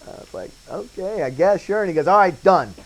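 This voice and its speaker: A man recalling a story in a casual documentary interview, telling it with lively anecdotes and acting out the voices he quotes. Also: high voice, brisk, rough recording. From Wilmington, North Carolina area. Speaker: interviewee, former set painter turned bit actor.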